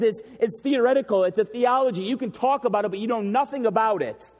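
A man's voice: very high-pitched, a little mellow. A man preaching a sermon as pastor, emphatic and repeating key phrases for effect. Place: church sanctuary. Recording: long reverb of a large hall.

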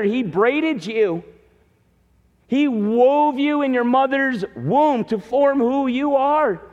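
A man preaching emphatically, walking through scripture verse by verse. His voice sits high, and it rings out with a long hall reverb on a dull, lo-fi recording. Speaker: pastor. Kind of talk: sermon.

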